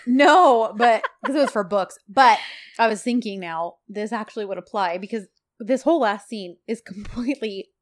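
A woman co-hosting a casual podcast chat, retelling a TV episode with lively acted-out lines. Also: fairly high pitch, normal speed. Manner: animated retelling, acting out characters' lines. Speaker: podcast co-host.

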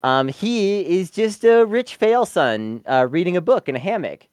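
A podcast co-host recapping a show with a smooth, clear voice. The talk is wry, casual and full of laughter. The mic is close and dry. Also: mid-range voice, lively intonation, measured pace, darkish tone, no room sound. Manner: wry, laughing, sums up the plot. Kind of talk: casual review chat.

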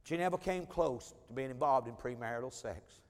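A man preaching a sermon, telling a personal testimony in a folksy style and swinging between loud and soft. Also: mid-range voice, a little fast. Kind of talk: sermon storytelling. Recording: long hall reverb.

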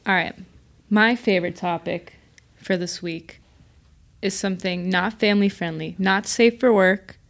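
A woman co-hosting a podcast, chatting casually and explaining quickly with laughs. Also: medium pitch, creaky. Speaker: podcast co-host.

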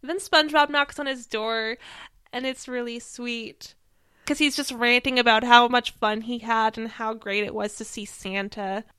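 A young woman co-hosting a podcast in casual chat, animated and laughing often. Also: fairly high pitch, measured pace, clean tone, no room sound, clean studio sound. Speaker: podcast co-host.

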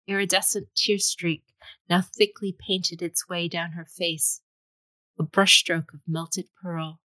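A woman's voice: on the low side, bright, forceful tone, dry recording, rough recording. A woman reading a fantasy story aloud with dramatic storytelling. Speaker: audiobook reader. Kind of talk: scripted fantasy narration.

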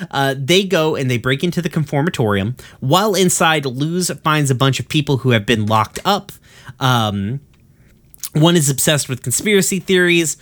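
A man's voice: mid-range voice, fairly bright tone. A man co-hosting a podcast, casually recapping an episode in a rambling, profane way full of fillers. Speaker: podcast co-host.

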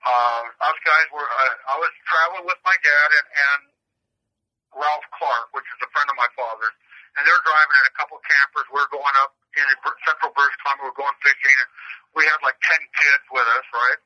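A man's voice: fairly high pitch, fairly even intonation, brisk, bright, forceful tone. A man who is a prison inmate, rambling through stories and crude jokes, stumbling and repeating words over a phone call. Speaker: prison inmate taking questions. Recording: muffled lo-fi phone line.

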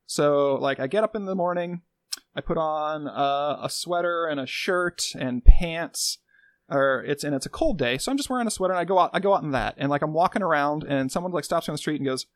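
A man co-hosting a podcast in casual comedic chat, telling absurd stories in a rambling, deadpan way. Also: a little high, brisk, dry recording. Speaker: podcast co-host.

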